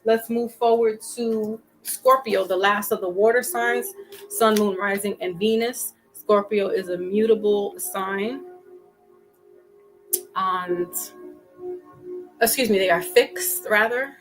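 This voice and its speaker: A woman's voice: medium pitch, takes it slowly, long pauses, soft background music, poor audio. A woman giving a casual tarot reading, chatty and loose, often restarting her words. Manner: chatty, frequent restarts and fillers. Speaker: tarot reader.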